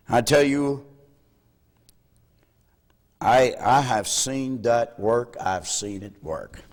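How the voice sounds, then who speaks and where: A man's voice: medium pitch, drawn-out words, long pauses. A male pastor preaching a sermon through folksy personal stories, chuckling between lines, heard on an old VHS tape. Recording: old VHS tape with long hall reverb.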